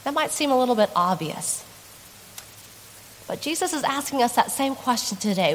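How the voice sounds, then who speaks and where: A woman's voice: high-pitched, expressive, moderate pace, pauses often, a little hiss or hum. Earnest woman preaching in a reverberant hall. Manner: earnest, conversational preaching with dramatic emphasis. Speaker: pastor. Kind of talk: sermon.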